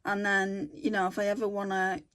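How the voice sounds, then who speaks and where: A woman's voice: medium pitch, level tone, fairly quick, a bit bright. A woman chatting casually as she swatches makeup for a beauty vlog, thinking aloud and correcting herself as she goes. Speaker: beauty vlogger.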